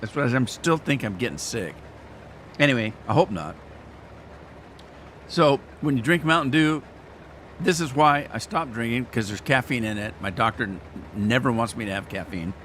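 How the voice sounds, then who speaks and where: A man chatting in a rambling, folksy way to live viewers while playing a farming game, his throat irritated so he keeps clearing it. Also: mid-range voice, animated, normal speed, fairly bright tone, a little hiss or hum. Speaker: gaming streamer.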